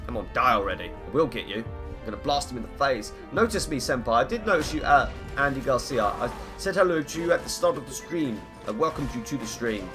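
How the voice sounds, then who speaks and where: Croaky guy rambling thru a game stream, reading chat, humming, game music behind. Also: medium pitch, lively intonation, brisk. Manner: chatty, rambling, greets viewers, hums between lines. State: hoarse, croaky voice. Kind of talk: live gameplay commentary, reading chat aloud.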